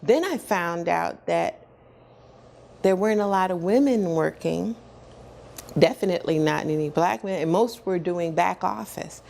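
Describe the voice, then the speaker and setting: A woman in her sixties, a guest in an interview, telling her story with animated energy, acting out what others said and often laughing. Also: lowish voice, measured pace, gravelly, slight background noise. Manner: animated storyteller who acts out quoted dialogue and repeats words as she builds up.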